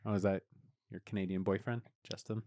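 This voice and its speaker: A man's voice: on the low side, fairly even intonation, brisk, dark tone. A man hosting a podcast, teasing his guest and joking through a casual interview. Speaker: podcast host. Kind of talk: casual chat.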